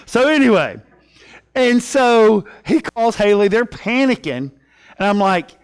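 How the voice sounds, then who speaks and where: High-voiced man preaching a sermon. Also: animated, a little fast, smooth. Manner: conversational, storytelling, frequent "right?" asides. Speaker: pastor.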